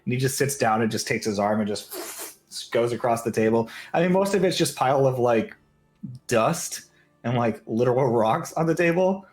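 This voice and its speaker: A man's voice: mid-range voice, animated, normal speed, faint music behind. A man narrating a tabletop game as game master, casual and rambling, with lots of "like" fillers.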